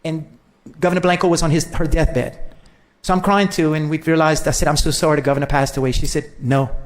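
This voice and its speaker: Brief: male senator, fairly high voice, rapid folksy storytelling speech. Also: fairly even intonation. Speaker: state senator. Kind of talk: farewell speech to a legislature.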